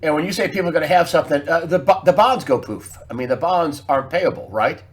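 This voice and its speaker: A man's voice: a little high, fast. A man hosting an interview, asking questions with frequent restarts and stumbles. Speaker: interview host.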